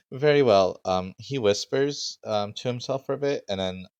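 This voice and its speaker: A man game master streaming a tabletop session, talking casually and haltingly with many ums and uhs. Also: mid-range voice, lively intonation, a little mellow, clean tone, no room sound.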